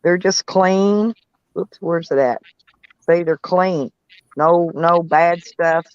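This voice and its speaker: A woman's voice: lowish voice, slow, clear, resonant tone, dry recording. A woman, chatting casually and rambling on a live stream. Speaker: van life live streamer. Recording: dull, dry lo-fi sound.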